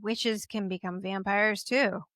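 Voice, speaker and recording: A woman co-hosting a casual book podcast, animated, laughing easily and acting out lines. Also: mid-range voice, unhurried, dry recording, studio quality. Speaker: podcast co-host. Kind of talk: casual book-club chat.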